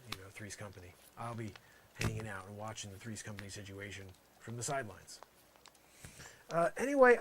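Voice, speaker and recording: A man's voice: mid-range voice, a little hiss or hum. A man doing an improvised comedy monologue in character, rambling and exasperated, full of "you know" asides.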